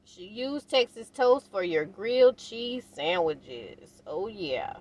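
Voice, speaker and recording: An older woman talking casually to her viewers while cooking in her van, unhurried and encouraging. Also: medium pitch, big pitch swings, darkish tone. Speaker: van life vlogger. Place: inside a parked van.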